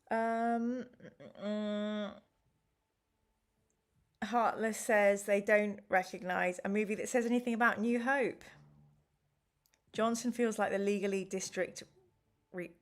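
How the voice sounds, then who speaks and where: A chatty woman hosts a live-streamed gamebook play-through. She reads the story and its choices aloud and banters easily with her viewers between passages. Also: medium pitch. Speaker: streamer and host.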